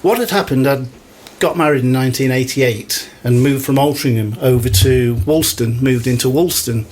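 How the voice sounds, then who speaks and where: A man in his sixties from the Greater Manchester area talks as a radio guest, telling enthusiastic stories at length. His voice sits at a middling pitch. He sounds close to a studio mic. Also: normal speed, a little mellow. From Greater Manchester, England. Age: 60s. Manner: enthusiastic storyteller, long flowing answers. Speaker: guest historian. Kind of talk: casual radio interview.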